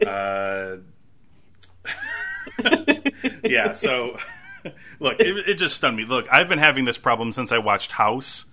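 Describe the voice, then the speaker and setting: A man with a very bright, forceful voice, chatting casually as a podcast co-host. He rambles and pokes fun at himself, often restarting sentences mid-thought. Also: mid-range voice, expressive, takes it slowly, pauses often. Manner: rambling, self-mocking, many restarts. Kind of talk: casual TV recap chat.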